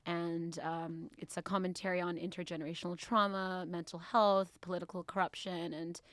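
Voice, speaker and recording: A woman's voice: lowish voice, flat delivery, normal speed, fairly bright tone, no echo, studio quality. A woman guesting on a casual podcast as a comic book writer, chatty and playful, laughing easily.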